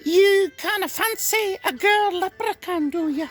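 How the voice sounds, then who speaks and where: A man voicing a flirty female leprechaun in a squeaky falsetto, slow and teasing. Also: a bit bright, faint music behind.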